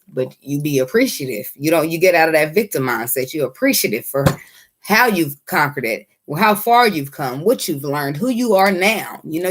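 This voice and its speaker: A woman giving a casual tarot reading, blunt, excitable and swearing freely. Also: sits low. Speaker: tarot reader.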